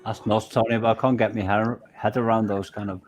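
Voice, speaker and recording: A man with a croaky voice chatting on a panel between songs, self-deprecating and musing aloud about chords. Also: fairly low pitch, level tone, a little fast. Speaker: panel musician. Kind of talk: casual chat between songs. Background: guitar playing.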